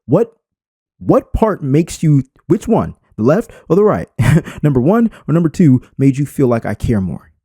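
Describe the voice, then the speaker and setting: A man talks through an unscripted tutorial, and his pitch keeps leaping up and dropping back as he punches his points. His voice is mellow and warm, and it sits dry and close with no room around it. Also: big pitch swings, measured pace, husky, no room sound. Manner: unscripted, emphatic, swings inflection for effect. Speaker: YouTube creator. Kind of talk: screen-recorded tutorial talk.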